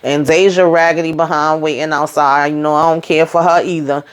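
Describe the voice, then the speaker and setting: Animated woman recapping a TV episode. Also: a little fast, clear, resonant tone. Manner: animated retelling, acts out quotes with rising pitch. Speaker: TV recap YouTuber.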